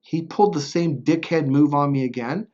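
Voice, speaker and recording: A man's voice: on the high side, normal speed, a little mellow, dull audio. A man telling a personal story in a casual, rambling way, blunt and profane, checking in with "right?" as he goes. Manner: blunt and profane, swearing freely; rambling, with restarts and frequent "right?". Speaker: motivational speaker.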